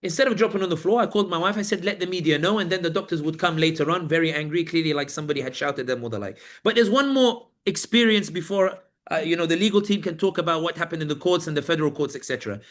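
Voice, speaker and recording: Male speaker, fairly high voice, lively first-person storyteller who acts out the other people in his story. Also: quick pace, few pauses. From Britain. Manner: animated storytelling, acting out guards and inmates. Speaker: speaker recounting detention. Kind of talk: personal account at a press event.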